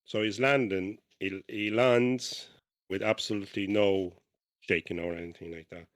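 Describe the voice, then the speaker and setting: A man with a lowish voice reads an old flight log aloud for a podcast, stumbling over words and restarting lines. He keeps breaking off to chat about what he just read, in a loose, casual way. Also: steady tone, moderate pace. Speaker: podcast co-host.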